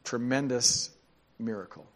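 A man preaching a sermon as pastor, speaking conversationally and dropping into quiet, emphatic asides. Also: mid-range voice, measured pace.

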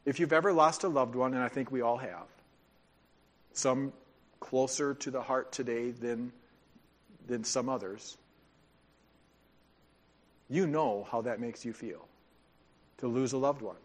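A man preaching a sermon as pastor, speaking conversationally and dropping into quiet, emphatic asides. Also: mid-range voice, unhurried, pauses often.

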